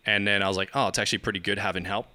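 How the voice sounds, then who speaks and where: A man's voice: lowish voice, racing. A man, a guest on a podcast, telling stories casually and acting out the dialogue with lots of laughter. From Australia. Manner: animated storyteller acting out dialogue, laughing often. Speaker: guest, agency founder.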